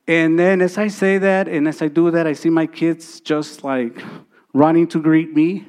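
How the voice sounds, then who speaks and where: Man preaching, pastor, emphatic repetitions, swings loud to soft, fairly high voice. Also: flat delivery, a little slow, clear, resonant tone. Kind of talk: sermon.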